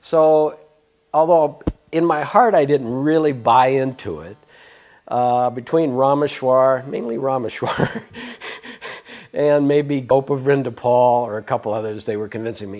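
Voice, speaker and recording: A man's voice: mid-range voice, a little slow, darkish tone. An older man in a casual interview, telling a long personal story with many fillers, restarts and chuckles. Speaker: devotee sharing memories.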